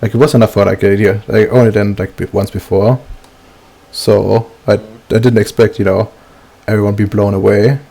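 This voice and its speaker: A man's voice: fairly low pitch, steady tone, moderate pace, gravelly, warm tone. A man hosting a tabletop game stream, talking casually and hesitantly with lots of fillers. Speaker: game master and stream host.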